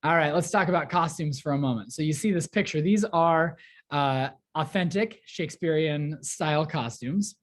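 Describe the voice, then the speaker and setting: A woman with a somewhat low voice lectures her class. She explains things step by step, dropping in small fillers as she goes. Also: normal speed. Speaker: teacher.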